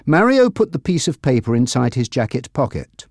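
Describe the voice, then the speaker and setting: A narrator reading a simple storybook in a clear, measured way. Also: mid-range voice, sing-song, a little mellow, dry recording, studio quality. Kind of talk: graded-reader audiobook narration.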